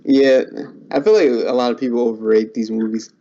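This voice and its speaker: A man's voice: medium pitch, fairly even intonation, fairly quick, dark tone. A young man as a guest in a casual chat, easygoing and agreeable, who hedges a lot with "like". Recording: muffled lo-fi recording.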